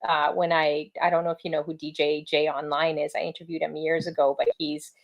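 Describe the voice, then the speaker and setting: A woman hosts a casual conversation, her voice sitting low and steady. She rambles and restarts, trailing through fillers as she works her way toward each question. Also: brisk, highs cut off. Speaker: interviewer and show host.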